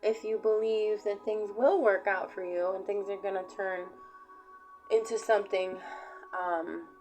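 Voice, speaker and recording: A woman giving a casual collective tarot reading to camera, talking in an unhurried, rambling way with many fillers. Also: mid-range voice, steady tone, a little mellow, soft background music, low-quality recording. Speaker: tarot reader.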